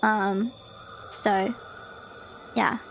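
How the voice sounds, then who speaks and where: A woman streamer chatting casually, reading a text aloud and breaking off with giggles, fillers and squeaky bursts of disbelief. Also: fairly even intonation, extremely slow, creaky, slight background noise. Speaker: VTuber streamer.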